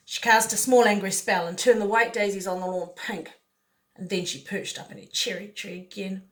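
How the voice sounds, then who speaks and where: A woman's voice: mid-range voice, a bit bright. A woman reading a picture book aloud, playful, with chatty asides to the listener. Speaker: storyteller.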